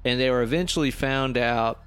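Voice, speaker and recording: A man's voice: medium pitch, normal speed, a bit bright, clean tone. A man co-hosting a casual podcast about a horror film, chatty, swearing casually and overlapping his co-host. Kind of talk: casual movie discussion.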